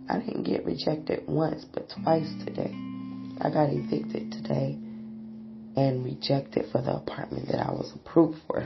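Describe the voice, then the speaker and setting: A woman hosting a personal confessional podcast, talking in a slow, halting, weary way. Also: low-pitched, fairly even intonation, creaky. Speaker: podcast host. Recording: dull lo-fi audio with guitar music.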